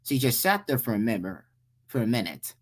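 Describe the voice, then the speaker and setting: Young man, story reader, lively pitch, halting delivery, frequent restarts. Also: husky. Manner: stumbling, frequent restarts and self-corrections. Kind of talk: reading a Reddit story aloud.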